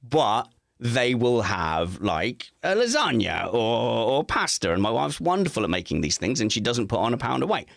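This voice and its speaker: A man co-hosting a casual chat stream from home, animated and self-mocking, laughing often. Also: mid-range voice, moderate pace, gravelly, no room sound, studio quality. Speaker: co-host of a livestream chat show.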